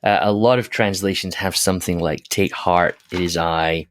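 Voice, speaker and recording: A man co-hosting a podcast, explaining scripture in an animated, conversational way with frequent restarts and laughs. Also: low-pitched, moderate pace. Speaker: podcast co-host. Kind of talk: conversational Bible discussion.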